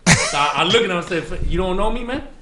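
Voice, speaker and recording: Man, New York accent, casual storytelling, fillers and slang, fairly high voice. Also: lively intonation, fast, pushed and bright. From the Bronx, New York. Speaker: guest. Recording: echoey room with faint ambient noise.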